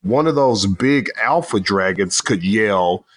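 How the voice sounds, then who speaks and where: A man casually discussing a movie in a rambling, animated way, swearing now and then. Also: fairly low pitch, slow, husky.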